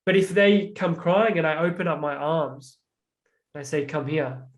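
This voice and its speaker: With a voice on the high side and a moderate pace, a young transformational coach guests on a podcast. He explains earnestly and reflectively, peppering his speech with "like" and illustrating through acted-out examples.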